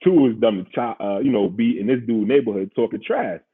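New guy telling a story, slangy, acts out voices, husky, kinda phone-sounding. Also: lowish voice, fast, phone-quality sound. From Queens, New York. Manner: animated, slangy, acts out quotes. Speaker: guest. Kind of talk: casual storytelling.

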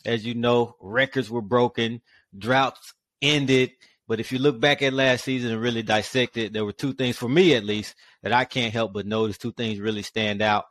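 Man, podcast host, lively, rhetorical questions, mid pitch, dry studio sound. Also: normal speed, no echo. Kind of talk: casual sports podcast talk.

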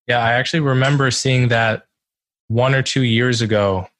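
A man's voice: medium pitch, fairly even intonation, normal speed, a bit bright. A young man hosting a podcast interview, casual and friendly with a few fillers. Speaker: podcast host.

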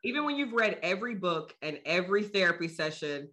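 A woman's voice: on the low side, very animated, brisk, a bit bright. A woman hosting a podcast interview, chatty and playful, openly fangirling over her guest. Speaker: podcast host. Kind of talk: casual interview chat.

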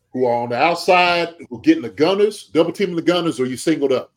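A man with a fairly high voice delivers fired-up podcast commentary from home, grading a team like a coach. He lectures players bluntly and keeps checking in with "okay?". His voice climbs when he gets worked up and drops low between points. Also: poor audio. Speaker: former pro football player and special teams coach grading a team.

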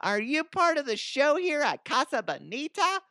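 A man voicing a polite, innocent little boy in a very high put-on voice. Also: big pitch swings, normal speed, pushed and bright, no room sound, studio quality, exaggerated voice. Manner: sweet, innocent. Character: small polite young boy.

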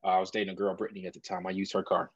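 Husky low-voiced man telling his story. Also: rapid-fire, no echo, lo-fi sound. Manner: earnest, animated storytelling. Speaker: guest. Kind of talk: personal storytelling in conversation.

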